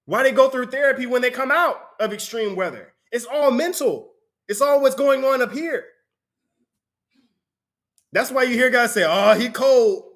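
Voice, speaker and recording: A man's voice: very high-pitched, measured pace, long pauses, a bit bright. A man preaching a conversational sermon, often breaking into laughter between points.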